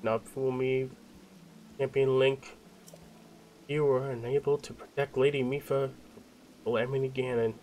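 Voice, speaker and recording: A man's voice: mid-range voice, little pitch movement, unhurried, pauses often, darkish tone, a little hiss or hum, natural voice. A man reading game dialogue aloud as a stern, vengeful male fish-folk guard, in an accusing, dramatic way.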